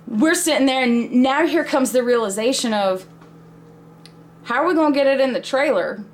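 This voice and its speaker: A woman's voice: high-pitched, moderate pace, soft background music. A woman in her thirties telling a family story in a chatty, casual way with laughs between lines.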